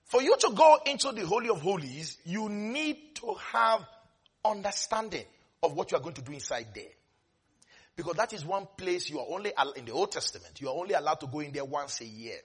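A man preaching a sermon with lots of energy, dropping into soft asides, then rising to shouts, and laughing often as he speaks. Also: fairly high pitch, sing-song, brisk, slightly rough. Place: church service.

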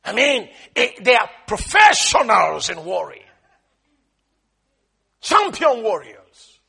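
High, husky-voiced male preacher. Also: huge pitch swings, slow, sharp tone. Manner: emphatic call-and-response preaching. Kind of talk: sermon.

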